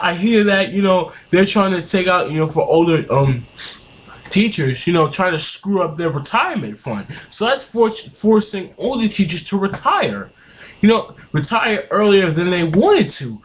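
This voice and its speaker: Young man, webcam rant, cursing, heated, lively pitch, faint background hiss. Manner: profane, heated, repetitive. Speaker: vlogger. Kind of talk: angry political rant. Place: home room.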